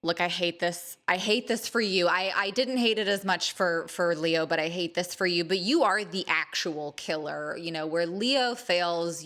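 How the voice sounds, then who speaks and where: A woman's voice: on the low side, fairly bright tone. A woman hosting an astrology video, teasing the signs in a chatty, mock-dramatic monologue. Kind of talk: casual playful monologue to camera.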